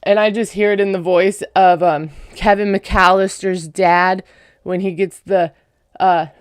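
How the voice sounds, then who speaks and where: A woman's voice: mid-range voice, steady tone, measured pace, clean tone, no echo, clean studio sound. A woman giving a casual, chatty recap of a reality show, full of sarcastic asides.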